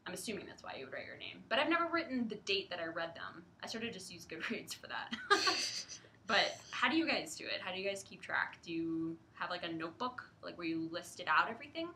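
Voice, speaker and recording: Chatty young woman, bright voice. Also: on the low side, big pitch swings, brisk, a little hiss or hum. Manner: chatty, giggly, many likes and ums. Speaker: publisher livestream co-host. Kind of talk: casual chat. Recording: echoey room.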